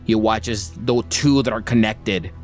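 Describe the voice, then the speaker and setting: A man narrating a tabletop game as game master, describing scenes in an unhurried, descriptive way. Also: lowish voice, faint music behind.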